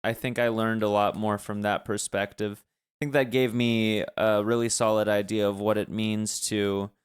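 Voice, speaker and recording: A man's voice: fairly low pitch, little pitch movement, normal speed, smooth. A young adult man talking casually on a podcast as a son, reflective and rambling a little. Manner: reflective, with many restarts and fillers. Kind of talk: casual chat.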